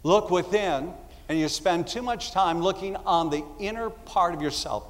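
A man preaching a sermon in a slightly high voice, with long reverb from a hall trailing behind him. He talks to the congregation in a conversational way and drops into little acted voices as asides. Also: a little slow. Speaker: pastor.

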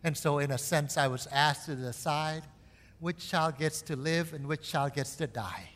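A man's voice: on the high side, measured pace, fairly bright tone, in a large hall. A man from Cambodia, a missionary preacher giving an earnest sermon testimony that rises into impassioned pleading.

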